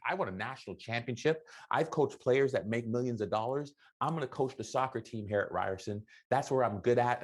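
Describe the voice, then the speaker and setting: A middle-aged man giving an animated motivational keynote, telling stories and acting out the dialogue. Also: lowish voice. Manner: animated, acts out dialogue with voices. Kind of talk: motivational storytelling speech.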